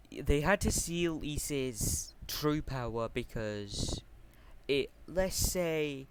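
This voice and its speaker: Hesitant man, slow and halting. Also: on the high side. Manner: hesitant, full of ums and self-corrections. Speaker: fan fiction storyteller. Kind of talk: casual unscripted plot explanation. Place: warm room at home. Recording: steady fan noise at home.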